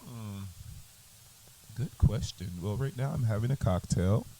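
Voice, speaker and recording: A man chats casually as a podcast co-host. His voice is very dark and low, and he talks in a relaxed, playful, drawn-out way. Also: low-quality recording. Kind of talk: casual chat.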